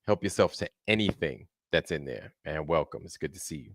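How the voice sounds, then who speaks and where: A man's voice: extremely low pitch, expressive, fairly quick, vocal fry, no room sound, studio quality. A man hosting a casual livestream, greeting viewers one by one in a laid-back way. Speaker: livestream host.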